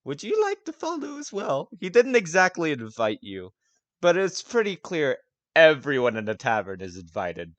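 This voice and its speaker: A man's voice: on the high side, huge pitch swings, normal speed, a bit bright, no echo, muffled recording. A young man narrating as game master in a loose, laughing, casual way. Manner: casual, laughing, lots of fillers and swearing.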